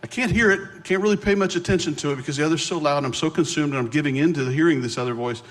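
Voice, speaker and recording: A middle-aged man, a guest speaker, telling a personal story in a sermon with animated, self-mocking delivery and quick restarts. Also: a little high.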